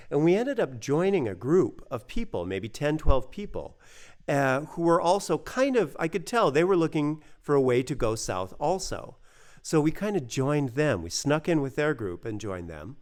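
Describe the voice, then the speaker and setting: A man from the United States telling a personal story in a casual, animated way, acting out the voices he quotes. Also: on the high side, normal speed. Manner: animated, acts out quoted voices, many fillers.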